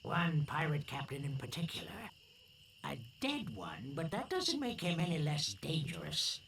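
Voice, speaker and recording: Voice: mid-range voice, wildly swooping pitch, normal speed, a bit bright, a little hiss or hum. An actor playing an old, blind male island lookout in a pirate adventure game, with a dry, teasing delivery. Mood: ominous. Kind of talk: video game voice acting.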